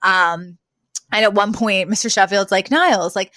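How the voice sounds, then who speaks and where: A woman co-hosting a podcast, recapping a sitcom episode in a casual chat and acting out the characters' lines with lively retelling. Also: mid-range voice, normal speed, no echo. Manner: animated retelling, acts out quoted lines. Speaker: podcast co-host.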